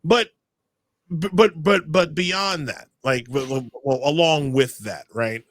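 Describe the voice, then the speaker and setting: A man's voice: a little high, slow pace, a bit bright, dry recording. A man hosting a political talk show, speaking emphatically and often stumbling over his words. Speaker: podcast host.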